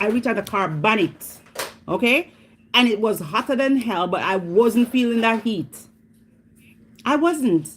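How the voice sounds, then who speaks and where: Animated Jamaican woman telling stories. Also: mid-range voice, slight background noise. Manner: animated, dramatic, exclamatory storytelling. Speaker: vlogger. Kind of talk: casual storytelling chat.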